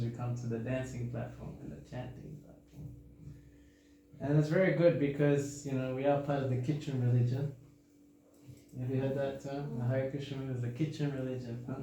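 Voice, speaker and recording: A chatty Australian man gives a relaxed scripture talk, breaking into laughter and throwing questions at his listeners. His voice sits at an ordinary middle pitch. It rings through a very echoey hall over a faint hum. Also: normal speed. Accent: Australian, softened toward American. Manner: chatty, joking, laughs often, asks the audience questions. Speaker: temple speaker giving a scripture class. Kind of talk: informal sermon with jokes.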